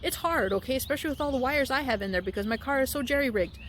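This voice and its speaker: A woman's voice: high voice, rapid-fire, slight background noise. A young woman vlogging in a casual, rambling way, anxious and restarting her sentences often. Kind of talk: casual vlog monologue. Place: at home, indoors and by the car outside.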